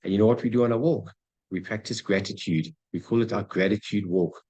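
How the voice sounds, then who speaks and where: Man, motivational talk, lowish pitch, lively delivery, talks to the audience as guys. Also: brisk, breathy edge, poor audio. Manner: energetic, acts out dialogue, addresses audience as guys. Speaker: motivational speaker.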